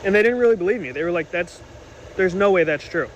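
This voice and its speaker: A young man tears through an indignant storytime monologue at a rapid clip, his voice sitting a little high. He acts out the quoted lines as he goes. Behind him is a faint hum of outdoor traffic. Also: rough recording. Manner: animated, indignant retelling with quoted dialogue.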